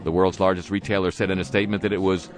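A man's voice: low-pitched, little pitch movement, rapid-fire, faint music behind. A man from New hosting talk radio, reading the news with dry, sarcastic asides. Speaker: radio host.

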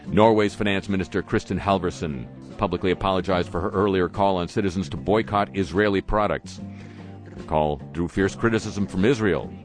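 A man hosts talk radio in a very low voice, reading out the week's news. He throws in dry, sarcastic asides along the way. Faint music plays underneath. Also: fairly quick. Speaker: radio host.

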